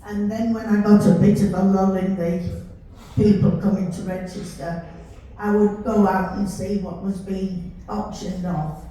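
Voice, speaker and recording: An older woman with a Yorkshire accent, chatting warmly as she tells stories from her life. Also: medium pitch, flat delivery, a little slow. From Yorkshire, England. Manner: chatty, warm storytelling with laughs. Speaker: storyteller recalling her life. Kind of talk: casual reminiscing. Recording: roomy, distant mic with faint hiss.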